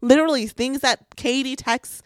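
A woman recapping a reality show in casual chat, excited and gossipy, swearing often and filling with "like". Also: high-pitched, normal speed, no room sound, clean studio sound.

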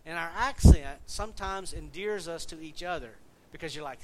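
A man's voice: on the high side, normal speed, hardly any pauses, slight background noise. A man preaching a casual, folksy sermon, joking and chatting directly with his congregation in a church. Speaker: pastor.

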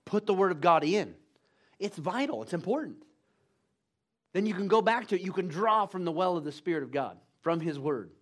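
High, lively preacher man. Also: normal speed. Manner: emphatic, call-and-response, "come on now". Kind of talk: sermon.

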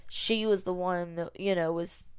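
A woman's voice: on the low side, fairly even intonation, measured pace, clean tone, dry recording, clean studio sound. A woman from the American South with a Southern accent, co-hosting a podcast in a chatty, rambling way. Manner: chatty, rambling, uses lots of fillers. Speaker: podcast co-host. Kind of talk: casual chat.

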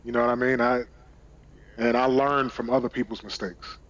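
A man's voice: medium pitch, level tone, normal speed, a bit bright, muffled recording. A man from Brooklyn, a podcast guest telling stories in a candid, casual way and swearing freely. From Brooklyn, New York. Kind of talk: casual storytelling.

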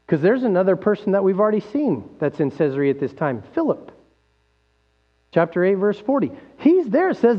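Man, pastor, sermon, high voice, animated, rhetorical questions, dull lo-fi recording, mains hum. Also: moderate pace. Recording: dull lo-fi sound with long hall reverb and mains hum.

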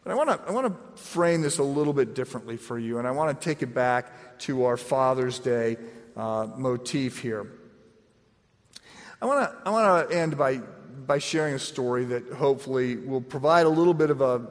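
A man's voice: mid-range voice, expressive, normal speed. Middle-aged man, pastor, casual sermon, self-deprecating, long hall reverb. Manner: conversational, self-deprecating, repeats words when starting phrases. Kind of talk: sermon with personal story. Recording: echoey hall.

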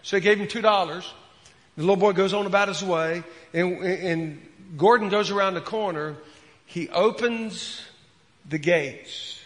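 A man preaching a sermon as a pastor, earnest, repeating words and dropping from loud to hushed. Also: sits high, a little slow, in a large hall.

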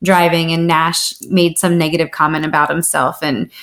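A woman in her thirties co-hosting a podcast, talking in a chatty, quick way and laughing often. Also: deep voice, level tone, a bit bright. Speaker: podcast co-host. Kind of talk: casual chat.

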